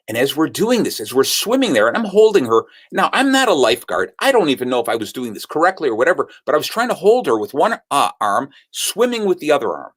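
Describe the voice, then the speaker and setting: A man's voice: a little high, fast, few pauses. A man telling a story as a sales speaker, acting out what people said. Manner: animated storyteller who acts out the quotes. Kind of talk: storytelling talk.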